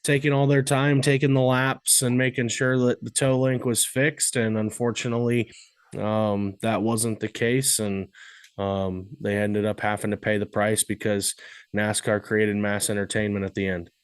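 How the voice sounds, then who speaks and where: A man co-hosting a casual motorsport podcast. He speaks in a halting, measured way with many pauses and blunt opinions. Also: lowish voice, flat delivery, smooth, no room sound, studio quality. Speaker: podcast co-host. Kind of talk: casual sports podcast chat.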